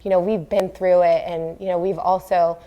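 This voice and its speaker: A woman's voice: lowish voice, normal speed, lo-fi sound. Earnest woman in an interview. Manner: earnest and animated, with frequent fillers. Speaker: guest, former professional triathlete. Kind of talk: casual interview talk.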